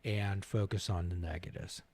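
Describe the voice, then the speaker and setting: A man with a fairly low voice hosts a live talk show, spinning folksy stories and acting out small scenes. His voice sounds dry and close. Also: fairly even intonation, normal speed, vocal fry, darkish tone, no room sound. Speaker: host.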